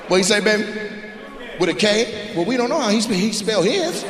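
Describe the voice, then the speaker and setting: A male comedian working the crowd from a club stage, loud, profane and teasing. His voice sits high and leaps around, delivered at an unhurried pace. The live recording is noisy. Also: expressive, roomy sound, in a large hall. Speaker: stand-up comedian. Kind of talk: stand-up crowd work. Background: audience laughter.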